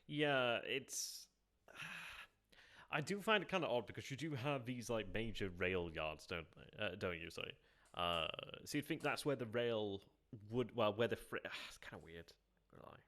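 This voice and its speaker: A man's voice: lowish voice, expressive, a little slow, bright, forceful tone. A man streaming a strategy game, thinking aloud, muttering and repeating himself as he reacts, now and then talking to his viewers. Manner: muttering, self-questioning, repeats phrases; chats with viewers between moves.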